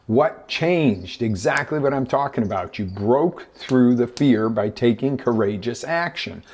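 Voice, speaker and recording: A man speaking a little slowly at medium pitch hosts a live motivational coaching show online. He gives his motivational talk as animated storytelling, voicing the people in his tales.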